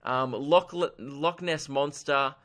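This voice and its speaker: A man's voice: fairly high pitch, slow, a bit bright. A young man hosting a solo comedy podcast, rambling in a goofy, self-mocking way and laughing at his own jokes. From Australia. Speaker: podcast host.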